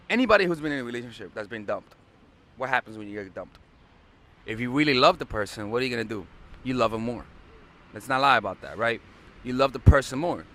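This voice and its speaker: A man's voice: mid-range voice, a bit bright. A young man giving casual dating advice, blunt and profane, repeating himself for emphasis. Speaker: dating coach.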